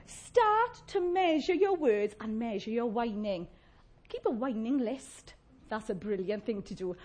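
A woman's voice: a little high, darkish tone. A woman preaching a chatty, humorous sermon, acting out little voices of complainers.

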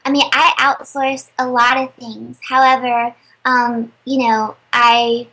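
A young adult woman, a voice actor guest, chatting in an interview as an animated storyteller with lots of fillers. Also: on the high side, slow, low-quality recording. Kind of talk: casual interview chat.

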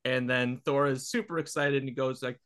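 A man co-hosting a relaxed podcast, his voice bright and forward. He talks in halting stretches, full of fillers, and laughs often. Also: mid-range voice. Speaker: podcast co-host. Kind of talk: casual chat.

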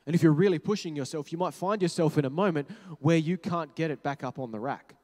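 A man preaching a sermon, talking conversationally, correcting himself and dropping to quiet low tones for emphasis. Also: quick pace. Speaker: pastor. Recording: long hall reverb.

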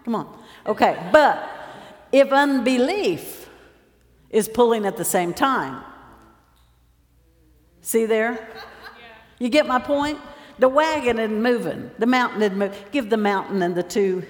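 Woman preacher, animated storyteller, higher voice, recorded in a reverberant hall. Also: a little slow, long pauses. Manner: lively storytelling, acts out scenes. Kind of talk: sermon with stage demonstration. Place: large church hall. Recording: roomy echo, long hall reverb.

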